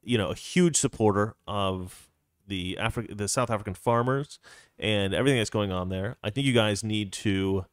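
A man's voice: lowish voice, moderate pace, no room sound, clean studio sound. A man hosting a political live stream, talking casually and rambling with frequent restarts.

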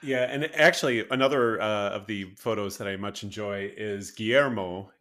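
Brief: man co-host, lowish voice, halting explainer, laughs easily. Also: fairly bright tone. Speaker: podcast co-host. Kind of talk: casual chat.

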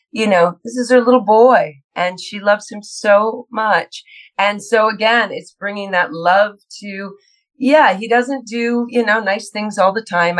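A woman's voice: medium pitch, poor audio. A woman in her fifties, an actress guest in an interview, talking casually and bubbly with frequent laughs and restarts.

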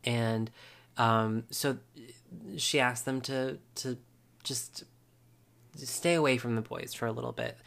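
A man's voice: medium pitch, a little slow, gravelly, a bit bright. A man hosting a podcast, recapping a reality show episode in a casual, chatty way with wry asides and frequent ums.

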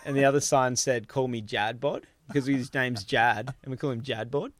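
A man's voice: mid-range voice, moderate pace, no echo. An Australian man in his thirties hosting a podcast, telling a casual story with lots of laughing and acted-out lines from friends. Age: 30s. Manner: animated, laughing often, acts out friends' lines. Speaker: podcast host.

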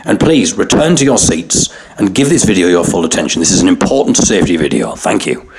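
A man's voice: low-pitched, big pitch swings, a little fast, noisy background. A prim flight attendant , as a man puts her on, tells off the cabin over the speakers in a firm, lecturing way. The voice stays close to the man's own. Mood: scolding. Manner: prim, scolding announcement. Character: bossy female flight attendant on the intercom.

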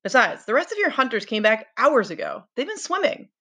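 A woman's voice: a little high, big pitch swings, brisk, pushed and bright, breathy edge, voice pushed up, heavily acted. Woman reading as a frustrated boy leader.

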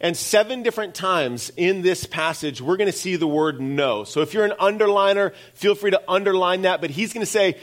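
A man's voice: high-pitched, a little fast, hardly any pauses. A middle-aged man preaching a sermon as pastor, in a conversational way with self-deprecating asides.

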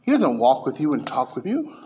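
A man preaching a sermon as pastor, emphatic, with his pitch and volume rising and falling. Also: wildly swooping pitch, fairly quick, dark tone, a little hiss or hum.

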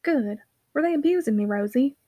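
A woman's voice: high-pitched, expressive, moderate pace, dark tone. A woman voicing a brooding young mill owner who coaxes and teases a child in a storybook reading. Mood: teasing.

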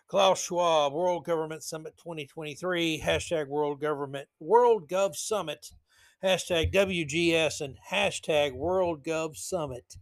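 Male podcaster, somewhat higher pitch, sarcastic rambling commentary. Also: a little slow. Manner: sarcastic, mocking, rambling asides. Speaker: podcast host.

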